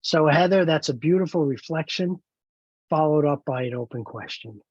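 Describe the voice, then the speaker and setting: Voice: medium pitch, animated, moderate pace, a little mellow, husky, no echo, lo-fi sound. A trainer leading an online training webinar, encouraging and explaining step by step over a video call.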